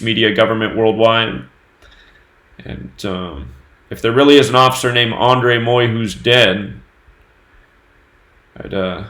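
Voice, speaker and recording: A man hosting his own news channel, talking on his own through dates and number sums in a steady, running commentary. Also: lowish voice, reverberant. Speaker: host of a numerology news channel.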